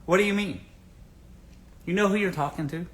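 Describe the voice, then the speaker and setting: Blunt, bright-voiced man on a livestream. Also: sits high, moderate pace. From American South. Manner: blunt, swears freely, asks the audience rhetorical questions. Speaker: livestream host giving dating advice. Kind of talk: casual livestream chat.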